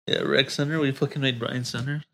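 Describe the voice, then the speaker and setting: A young man in casual chat with friends, tossing in quick short slangy remarks. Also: medium pitch, fairly even intonation, bright, forceful tone, no echo.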